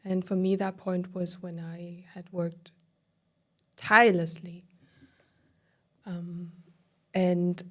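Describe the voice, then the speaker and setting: A woman's voice: on the low side, slow pace, pauses often. Candid woman guest retelling her story. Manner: animated retelling with quoted inner dialogue, filler-heavy. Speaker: podcast guest.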